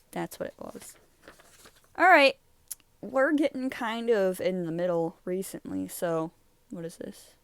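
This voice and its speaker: A woman's voice: lowish voice, slow pace, pauses often, a bit bright, clear, resonant tone, no room sound. Rambling, giggly young woman. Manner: rambling, giggly, easily sidetracked. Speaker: YouTuber reviewing her own drawings. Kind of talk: casual chat.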